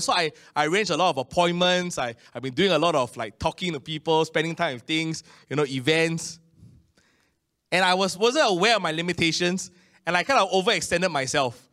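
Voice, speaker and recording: This middle-aged man speaks with a Singaporean English accent and a highish, bright, forceful voice. His sermon is conversational, punctuated by frequent Amens and slow, emphatic phrasing.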